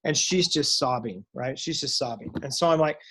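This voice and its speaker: A man's voice: mid-range voice, moderate pace, sharp tone, breathy edge. A man who owns a salon, telling upbeat motivational stories in a casual call. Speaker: salon owner and guest speaker. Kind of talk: casual storytelling on a recorded call.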